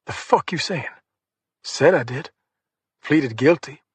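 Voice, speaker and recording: A man's voice: on the high side, lively intonation, takes it slowly, slightly rough, dry recording, heavily acted. A male narrator voicing a young male prison inmate, guarded and hostile, speaking in curt, clipped lines.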